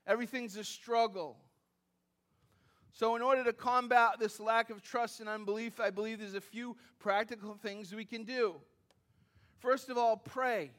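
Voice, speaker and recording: Man, high-pitched, sermon, conversational preaching, wry asides, repeated phrases. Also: steady tone, moderate pace, a bit bright. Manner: conversational preaching with asides and self-deprecating humor; repeats phrases and restarts while building points. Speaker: pastor.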